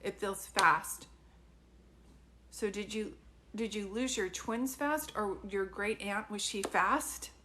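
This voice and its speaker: A woman doing live psychic readings for viewers, chatty and informal, filling pauses with ums and calling people sweetie. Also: mid-range voice, bright, forceful tone, slight background noise. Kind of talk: livestream chat with viewers.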